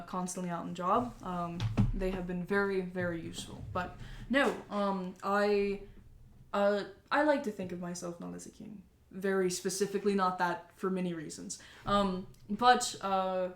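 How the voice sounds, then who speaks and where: A woman's voice: medium pitch, fairly even intonation, unhurried, echoey room, close to an everyday voice. A woman voicing a cheerful, talkative male mayor and company boss in a tabletop game, rambling with fillers. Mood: upbeat. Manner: chatty, upbeat, rambling with fillers.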